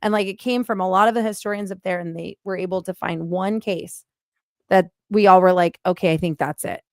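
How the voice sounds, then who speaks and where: A middle-aged woman casually telling a podcast host about her paranormal experience, in an animated, emphatic way with many fillers. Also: on the low side, a little fast, dry recording. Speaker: paranormal investigator guest.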